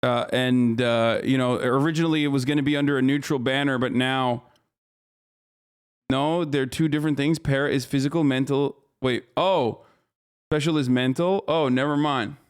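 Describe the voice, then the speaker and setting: A man's voice: mid-range voice, fairly even intonation, normal speed, smooth. A man livestreaming casual commentary, ranting in an exasperated, profane way and rambling with frequent restarts. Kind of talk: casual live-stream commentary.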